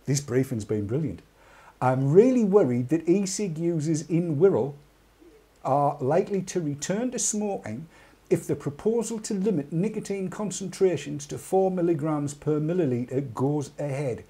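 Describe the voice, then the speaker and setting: A man from England co-hosting a casual online talk show, reading the news aloud and breaking off for wry jokes. His voice sits a little high but sounds mellow and somewhat husky. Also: normal speed. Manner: chatty, wry, jokey asides. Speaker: podcast co-host.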